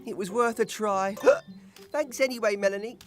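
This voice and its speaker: A man voicing a gentle, friendly young bear in a children's cartoon. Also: high voice, moderate pace, over loud music, close to an everyday voice. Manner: friendly and easygoing.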